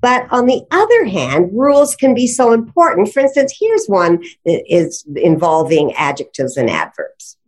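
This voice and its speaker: A woman's voice: mid-range voice, big pitch swings, moderate pace, hardly any pauses, darkish tone. A woman who teaches writing and grammar, explaining rules with enthusiasm in a conversational interview, often laughing. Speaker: grammar and writing instructor, guest.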